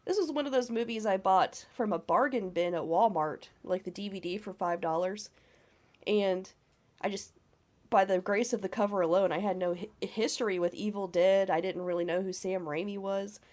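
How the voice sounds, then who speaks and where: A woman's voice: mid-range voice, normal speed, darkish tone. Woman with a cold, nasal and scratchy. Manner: enthusiastic, swearing. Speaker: podcast co-host. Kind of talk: casual podcast chat.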